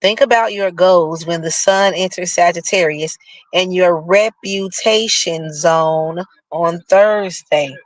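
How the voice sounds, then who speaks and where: A man with a New York accent and a high-pitched voice reads horoscopes and riffs on them in casual, slangy talk. His delivery is animated and loose. The sound is close and dry, with no room around it. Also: takes it slowly, no echo, low-quality recording. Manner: animated, breaks into slangy asides. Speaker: horoscope reader and commentator. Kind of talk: reading aloud and riffing in casual chat.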